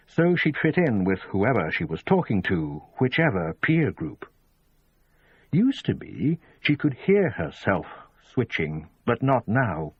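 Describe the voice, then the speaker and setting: A man giving measured, scripted narration of an audiobook, in dull lo-fi audio. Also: medium pitch, slightly rough, dry recording. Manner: measured storytelling.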